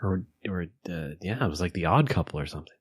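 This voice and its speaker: A man's voice: sits low, animated, fast, breathy edge, no echo. A man co-hosting a casual podcast chat, cracking dry jokes and laughing along. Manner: dry wisecracks and easy laughs. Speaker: podcast co-host.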